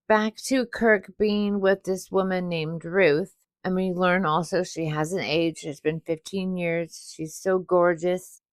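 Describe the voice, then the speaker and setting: A woman's voice: on the low side, no echo, clean studio sound. A woman co-hosting a podcast, casually retelling an episode's plot with quoted asides. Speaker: podcast co-host. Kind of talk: casual recap chat.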